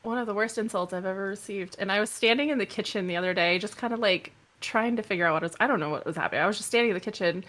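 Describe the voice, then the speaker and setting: A woman's voice: medium pitch, racing, few pauses, a bit bright. A woman chatting casually on a podcast, sharing small amused anecdotes. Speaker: guest. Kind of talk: casual chat.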